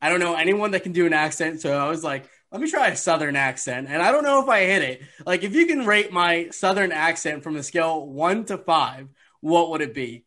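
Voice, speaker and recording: A man hosting a podcast in casual chat, excitable and rambling, laughing easily. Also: fairly high pitch, brisk, few pauses. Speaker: podcast host.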